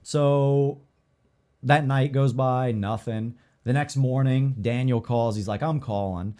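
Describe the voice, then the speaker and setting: Male podcast co-host, casual storyteller, animated delivery with voiced quotes. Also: mid-range voice, takes it slowly. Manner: animated, acts out other people's lines in quoted voices.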